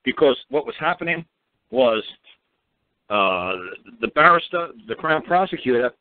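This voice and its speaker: A man's voice: medium pitch, animated, unhurried, dry recording. Man, call-in guest, blunt, profane, commanding, tinny dry phone line. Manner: emphatic, commanding. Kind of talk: casual call-in radio talk.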